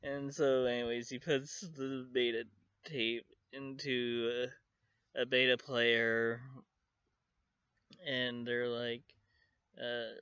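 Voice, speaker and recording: A man talks through a review at a very slow, meandering pace, breaking into excited laughter as he retells scenes. The recording is dry and close, with a dull, lo-fi tone. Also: mid-range voice, smooth, no room sound. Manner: rambling, excitable, laughs often. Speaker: anime reviewer. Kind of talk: casual spoken review.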